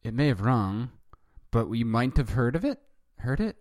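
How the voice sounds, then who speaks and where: A man's voice: medium pitch, expressive, moderate pace, darkish tone, pitched above the performer's own voice, natural voice. A man voicing a pedantic wife in a comedic fanfiction reading. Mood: dry. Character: woman, wife, dry and pedantic.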